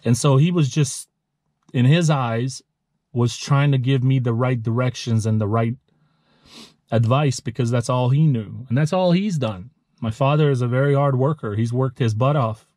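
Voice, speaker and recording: A man in his thirties who owns a lawn care business, giving a heartfelt motivational vlog talk, earnest and emotional, halting and restarting as he speaks. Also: medium pitch, warm tone, no echo, studio quality. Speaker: lawn care business owner and channel host.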